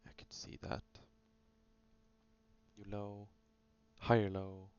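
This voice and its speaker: A man's voice: on the low side, monotone, slow, darkish tone, smooth, dry recording. A man casually talking through chart trades in a screen-recorded review, thinking aloud with many fillers. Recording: dull lo-fi sound with faint hum.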